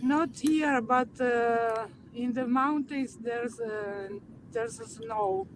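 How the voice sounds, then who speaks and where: A woman's voice: on the high side, animated, drawn-out words. A woman chatting on a call while driving, talking hesitantly with car noise behind. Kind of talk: casual chat on a call.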